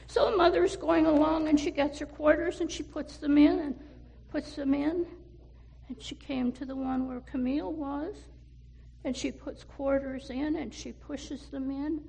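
A woman telling a cautionary story to children, pausing to ask her listeners questions. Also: high voice, steady tone, gravelly, mellow.

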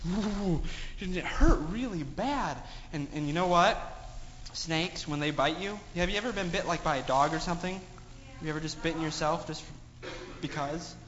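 In a dull-sounding, echoey hall with faint background noise, a man with a slightly high voice tells children a moral story during a sermon. He speaks at a moderate pace, narrating animatedly and peppering them with questions.

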